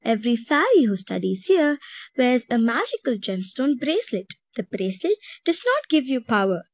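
A woman voicing Principal Mesmer, a kind, gently firm male head of a fairy school, in a storybook. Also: on the high side, very animated, normal speed, dry recording.

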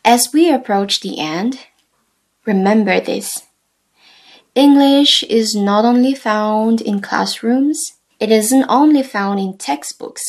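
A woman's voice: a little high, slow. A woman teaching an English lesson, stressing each word in her lists. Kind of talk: classroom lesson.

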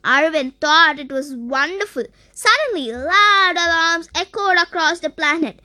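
High, bright children's storyteller. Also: a little slow, dry recording. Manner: sing-song, animated sound effects.

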